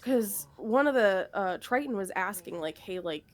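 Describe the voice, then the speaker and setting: A woman's voice: mid-range voice, lively intonation, unhurried. A woman casually telling a long, rambling story about running a tabletop game, full of fillers and laughter.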